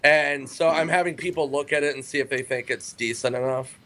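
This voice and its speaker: A man's voice: medium pitch, fairly even intonation, brisk, sharp tone. A man, a comedian and podcast guest, telling loose, rambling anecdotes in casual chat and cutting himself off mid-sentence. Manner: rambling, self-interrupting anecdotes.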